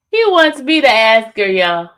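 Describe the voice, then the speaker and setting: Lively, high-voiced woman chatting to her dog. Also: slight background noise. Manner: playful, teasing, questioning her dog. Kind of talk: casual chat with viewers and her dog.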